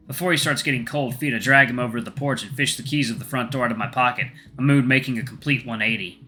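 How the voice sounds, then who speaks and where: Man softly narrating a visual novel. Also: mid-range voice, fast, few pauses, soft background music. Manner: soft first-person narration, crude asides. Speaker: gaming channel host. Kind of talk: reading a visual novel aloud with commentary.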